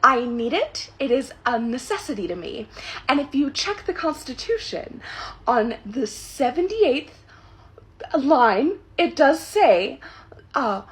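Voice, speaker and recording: An entitled middle-aged customer, played by a young woman, who demands everything in a high, swooping voice. She speaks indignantly, stumbling and restarting her sentences as she makes her complaints. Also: very animated, slow pace, breathy edge, heavily acted.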